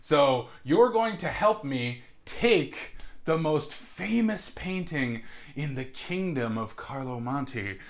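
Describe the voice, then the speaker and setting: A man voicing a booming male boss who recruits a crew for a heist. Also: animated, takes it slowly. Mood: persuasive.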